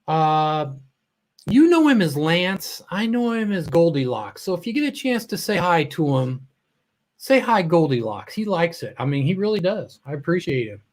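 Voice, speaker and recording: A man's voice: a little high, sing-song, moderate pace. A man hosting a casual live stream, greeting viewers by name, a little choked up and often trailing off mid-sentence. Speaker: livestream host.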